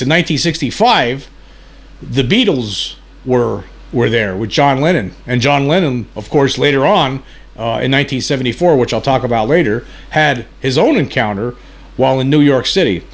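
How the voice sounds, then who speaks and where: A man hosting his channel, giving casual, rambling commentary that drifts between side points. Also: mid-range voice. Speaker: channel host.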